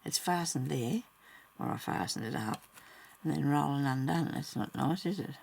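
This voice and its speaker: Gravelly-voiced woman muttering while stitching. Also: low voice, moderate pace, a little mellow. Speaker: crafter narrating her embroidery work. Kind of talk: casual talk-along crafting vlog.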